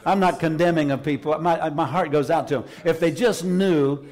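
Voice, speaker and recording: A man preaching a fervent sermon, his voice sitting somewhat high. He talks emphatically and repeats his phrases for emphasis. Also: normal speed, a little mellow. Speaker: pastor. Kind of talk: Pentecostal sermon. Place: church service.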